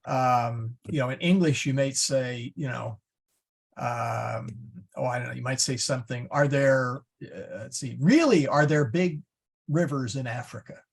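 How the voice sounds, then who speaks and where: Slow, husky man teaching Latin. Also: medium pitch. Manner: halting, many restarts, explains patiently. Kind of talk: online class teaching. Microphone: video call.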